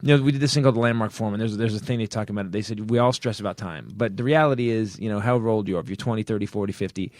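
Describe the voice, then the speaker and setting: A man hosting a comedy podcast, rambling and joking, quick to laugh. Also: on the low side, darkish tone, no echo. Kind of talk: casual comedic chat.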